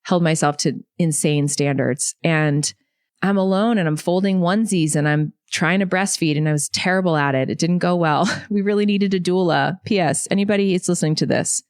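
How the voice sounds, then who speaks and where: A woman in her thirties, a podcast guest, telling her life story in a lively, chatty way full of asides. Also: lowish voice, smooth, no room sound, studio quality. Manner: animated, quick storytelling with many likes and you knows. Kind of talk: storytelling in an interview.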